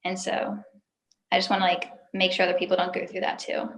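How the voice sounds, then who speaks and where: A young woman speaks candidly as an interview guest, emotional and chatty, leaning on frequent filler words. Her voice sits at a middle pitch and carries a noticeable room echo. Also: completely flat delivery, a little fast, creaky, fairly bright tone. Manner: emotional, talkative, lots of "like" fillers. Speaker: interview guest, former sales recruiter. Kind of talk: candid personal story in an interview.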